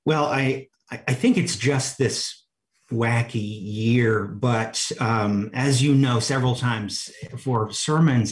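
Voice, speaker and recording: A man preaching a sermon, reflective and halting, with fillers and restarts. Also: medium pitch. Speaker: pastor.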